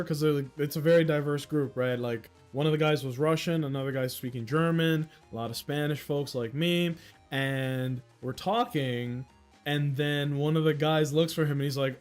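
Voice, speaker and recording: A man's voice: medium pitch, unhurried, faint music behind. A young man with a Dominican-influenced American accent, chatting casually with viewers on a livestream, rambling through stories and laughing often. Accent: Dominican-influenced American English. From United States. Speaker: livestream host.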